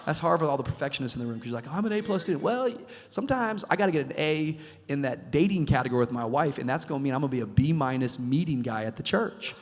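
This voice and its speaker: A male pastor on a live conference panel, energetic and playful, acting out quotes as he goes. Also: medium pitch, fast talker, hardly any pauses. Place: conference stage before a live audience. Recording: long reverb of a large hall.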